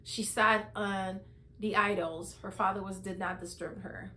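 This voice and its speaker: A woman's voice: mid-range voice, steady tone, unhurried, sharp tone, a little hiss or hum. A woman hosting a casual Bible reading commentary, retelling the story conversationally with lots of "you know". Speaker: host.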